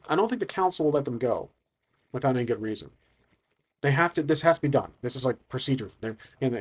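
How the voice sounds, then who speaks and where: A man narrating a solo tabletop game, thinking aloud and hesitant, with frequent restarts. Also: on the high side.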